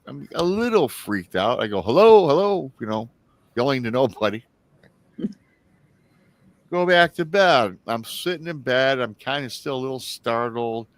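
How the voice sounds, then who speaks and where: A man's voice: mid-range voice, sharp tone, no room sound. A man in his forties hosting a live talk show, telling a story casually, with many restarts and asides to his listeners. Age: 40s. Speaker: show host.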